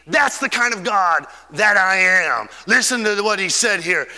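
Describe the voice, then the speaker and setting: A man preaching a fervent sermon, stretching key words and swinging between loud and soft. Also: high-pitched, animated, a little slow, big-room sound.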